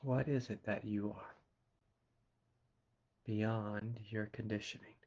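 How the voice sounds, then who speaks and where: A man from Kentucky with a Southern accent, a spiritual teacher giving a slow, meditative satsang talk and asking quiet questions between soft laughs. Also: lowish voice, fairly even intonation, muffled recording. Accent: Southern American. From Kentucky, USA.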